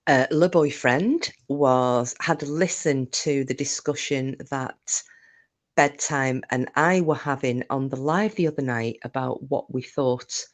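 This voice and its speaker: A woman's voice: a bass voice, slow pace. Rambling, chatty woman host. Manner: rambling and chatty, full of fillers, greets viewers by name. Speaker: livestream host. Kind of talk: casual chat on a live stream.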